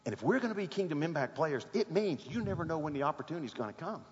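A man with a high voice preaches a sermon and tells a story with rising energy, breaking into excited shouts. His voice rings with a long reverb in a large hall, and the recording sounds muffled. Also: quick pace.

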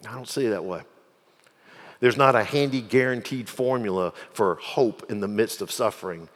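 A male pastor preaching a sermon, swinging from quiet reflection to loud, fervent pleading. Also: lowish voice, normal speed. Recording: long hall reverb.

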